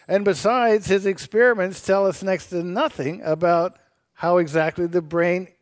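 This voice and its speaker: A man's voice: high voice, fairly even intonation, normal speed, no echo, clean studio sound. A man co-hosting a radio show, debating philosophy with a sarcastic, teasing edge and laughing as he argues. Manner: laughs while arguing.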